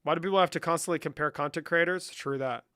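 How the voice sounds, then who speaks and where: A man's voice: on the high side, quick pace, sharp tone, clean tone, no echo, studio quality. A young man hosting a livestream, reading chat questions and answering with profane, joking banter. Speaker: livestream host.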